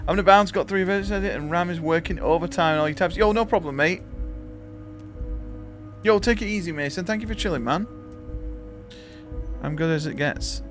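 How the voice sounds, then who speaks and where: A man's voice: high-pitched, fairly quick, pauses often, faint music behind. Jokey, swearing male streamer. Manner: jokey, swears freely, laughs often. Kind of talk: casual live-stream gameplay commentary.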